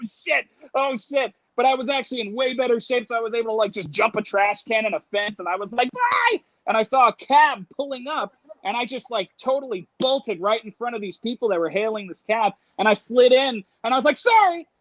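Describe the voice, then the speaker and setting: A man telling a story in casual conversation, animated, acting out voices and laughing as he goes. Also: very high-pitched, no echo, low-quality recording. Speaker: guest.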